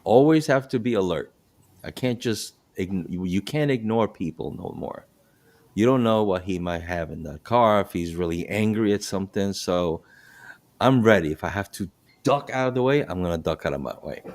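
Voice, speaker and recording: Middle-aged male host, very low voice, chatty storyteller who restarts his sentences a lot. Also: moderate pace. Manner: animated storytelling with frequent restarts. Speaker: podcast host and bus operator. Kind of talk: casual podcast chat.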